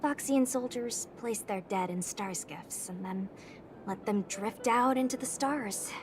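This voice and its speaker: A woman's voice: medium pitch, a little slow, noisy background, lightly acted. An actress playing a frank, slightly naive young woman soldier who speaks bluntly and gets a little flustered, in a game cutscene. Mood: curious. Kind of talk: video game cutscene dialogue.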